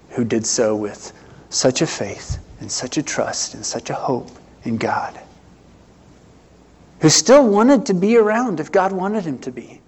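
A middle-aged man, preaching a sermon earnestly, with swells and hushed drops. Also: medium pitch. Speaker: pastor.

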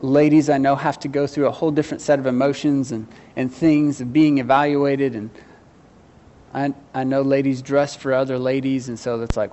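A man's voice: medium pitch, flat delivery, moderate pace, warm tone. A man preaching a sermon, earnestly putting questions to his congregation with some self-deprecating humor. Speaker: pastor.

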